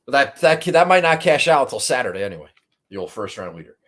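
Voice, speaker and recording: A man's voice: mid-range voice, big pitch swings, fast, fairly bright tone. A man hosting a golf betting show, talking casually in a rambling, profane, self-mocking way. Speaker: golf betting podcast host. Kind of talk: casual chat.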